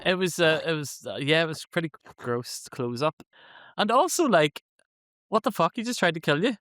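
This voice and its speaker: Lively animated man, dry sound. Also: fairly high pitch, moderate pace, no room sound. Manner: animated, laughs often. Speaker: podcast co-host. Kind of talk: casual reaction chat.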